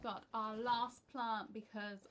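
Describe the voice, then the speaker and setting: A woman's voice: a little high, little pitch movement, slow, a bit bright, slight background noise. A tired British woman, a houseplant vlogger, chatting casually and gushing over her new plants. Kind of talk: casual vlog chat.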